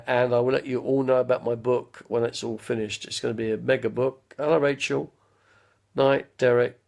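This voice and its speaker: Streaming live from home, a man rambles to his viewers, wandering between anecdotes and bursting into impressions and songs. He speaks at a medium pitch with vocal fry.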